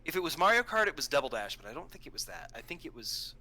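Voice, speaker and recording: A young man with a very bright, forceful voice tells a story in a casual way. He is animated and jumps up in pitch when he acts out what people said. The tone stays loose and chatty. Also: fast, slight background noise, poor audio. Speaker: stream co-host.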